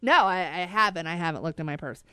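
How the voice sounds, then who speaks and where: A woman hosting a casual chat, telling a story in an animated way with frequent laughs and pleading asides. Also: on the low side, fast, clean tone, dry recording, clean studio sound.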